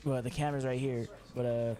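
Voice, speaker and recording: A male livestream host chatting casually before a game. He rambles, swears freely and laughs at his own mistakes, his voice at an ordinary pitch. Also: level tone, brisk, dark tone. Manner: rambling, profane, self-mocking. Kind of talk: casual game stream chat.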